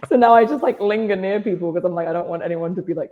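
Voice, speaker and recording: A woman's voice: lowish voice, fairly even intonation, quick pace, warm tone, dull audio. A British woman in her twenties, a wrestler guesting on a podcast, chatting casually with dry self-mocking humour.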